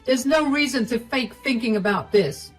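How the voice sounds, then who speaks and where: A woman's voice: a little high, lively intonation, normal speed, far from the mic, soft background music, voice pushed up, lightly acted. A woman doing a dismissive brother-in-law. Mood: scolding. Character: smug, entitled brother-in-law.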